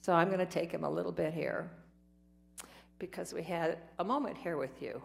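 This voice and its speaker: A woman's voice: fairly low pitch, normal speed, gravelly. A woman sharing her personal recovery story at a meeting, rambling and emotional, acting out what others said to her. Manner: rambling, emotional storytelling that acts out quoted voices.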